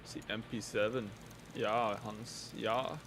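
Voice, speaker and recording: A man's voice: lowish voice, little pitch movement, takes it slowly. Man doing a mock Russian gun lover. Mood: mock-serious. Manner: joking, clipped broken phrasing. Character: man with a mock Russian accent praising guns. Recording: noisy game stream audio.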